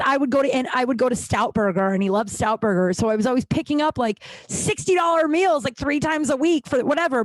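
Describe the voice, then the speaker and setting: A woman's voice: sits high, darkish tone, no echo. Candid rambling woman podcaster, dry close sound. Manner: rambling, candid storytelling with frequent laughs and fillers. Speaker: podcast host. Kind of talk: casual solo podcast chat.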